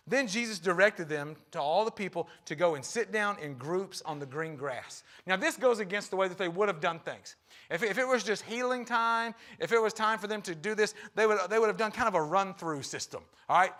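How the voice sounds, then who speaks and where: High-voiced preacher, animated. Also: male voice, a little fast. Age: young adult to middle-aged, a father. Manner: conversational, acts out quotes with shifting pitch. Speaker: guest preacher. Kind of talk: sermon. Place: church sanctuary.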